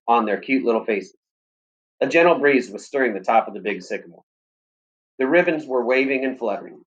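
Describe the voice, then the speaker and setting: Male narrator, medium pitch, steady storytelling, slightly muffled recording. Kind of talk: audiobook narration.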